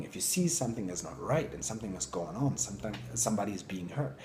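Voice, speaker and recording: Animated man giving a motivational talk. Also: fairly low pitch, normal speed, a little hiss or hum. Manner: animated, drops into whispers. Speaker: speaker. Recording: roomy echo.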